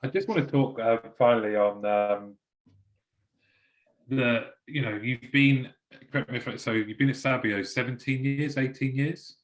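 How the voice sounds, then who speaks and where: A man's voice: mid-range voice, moderate pace, rough recording. A man hosting a podcast interview, asking long, winding questions with interest. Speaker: podcast host.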